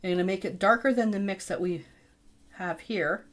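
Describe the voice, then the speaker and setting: Middle-aged woman chatting through a painting lesson, talks her thoughts out loud while mixing paint. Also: mid-range voice, moderate pace. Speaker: painting teacher. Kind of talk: casual painting tutorial.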